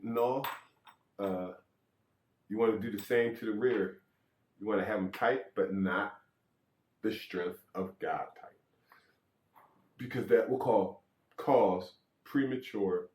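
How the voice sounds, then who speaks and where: A man with a fairly low voice talks through a hands-on skateboard check in a loose, joking way, counting under his breath and fixing his own slips. The room around him rings with echo. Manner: rambling, self-correcting, joking asides. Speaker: electric skateboard vlogger. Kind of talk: casual how-to demonstration.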